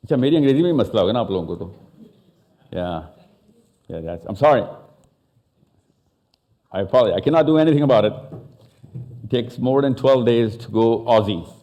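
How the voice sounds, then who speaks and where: A man from Pakistan speaking on stage at a live talk, fast and interactive, mixing English and Urdu as he questions the audience. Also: medium pitch, lively intonation, mellow. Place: stage in a large hall.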